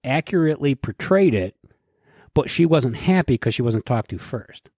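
A male podcast host in loose, profane banter, his pitch bouncing up and down as he acts out quotes. He sounds close and dry on a studio mic, with no room around him. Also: lively intonation, normal speed, warm tone, dry recording.

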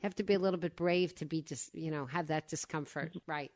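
A woman in her fifties hosting a radio talk show, agreeable and quick with affirmations. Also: deep voice, a little mellow. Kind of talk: casual radio interview.

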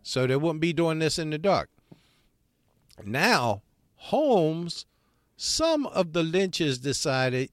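Male podcast co-host, crude joking storyteller, higher register, lively, dry close mic. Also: takes it slowly, long pauses, no echo. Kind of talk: casual chat, storytelling.

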